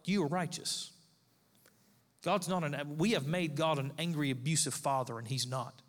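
A man's voice: on the high side, normal speed. A male pastor, likely in his thirties, preaching a sermon with emphatic, repeated phrases. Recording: long echo of a large hall.

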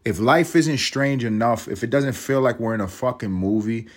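A man in his thirties from East Harlem, New York City, speaks at medium pitch and normal speed with a New York accent. He hosts a solo podcast in a profane, rambling style and laughs at his own jokes.

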